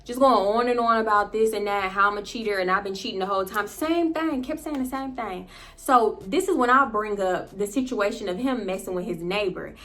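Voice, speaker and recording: A woman vlogger telling a personal story in a casual, animated way, often turning to her viewers and laughing. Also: mid-range voice, brisk, few pauses.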